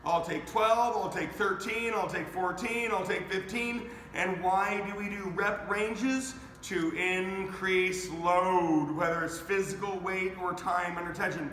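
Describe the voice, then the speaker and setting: High-voiced male coach in an echoey room. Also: a little slow, few pauses, a little hiss or hum. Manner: energetic, counts reps aloud, talks straight to viewers. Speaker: fitness coach. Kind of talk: live online workout instruction. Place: garage home gym. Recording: echoey room with faint ambience.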